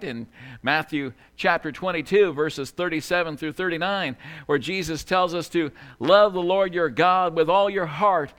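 A man delivers a sermon in a church with a slightly raised pitch. He sounds earnest and conversational, dropping in casual asides as he explains scripture to his listeners. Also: a bit bright, smooth. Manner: conversational, earnest, with frequent "you know". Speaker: preacher.

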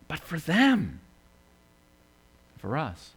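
Animated preaching man, soft to loud. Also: on the high side, a little slow, long pauses. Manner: dramatic swings between soft hushed lines and loud emphatic ones; repeats key phrases for emphasis. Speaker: pastor. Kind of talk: sermon.

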